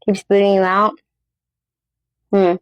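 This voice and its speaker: Flat-voiced woman host, casual chat. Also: mid-range voice, slow pace, no room sound, highs cut off. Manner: blunt, swears freely, reads lists aloud. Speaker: host, tarot reader.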